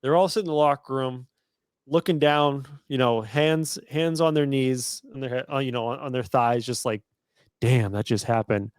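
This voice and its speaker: A man's voice: mid-range voice, moderate pace, clean tone, dry recording. Laid-back man rambling on a dry mic. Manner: relaxed, rambling, lots of "like" fillers. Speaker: podcast co-host. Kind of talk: casual sports chat.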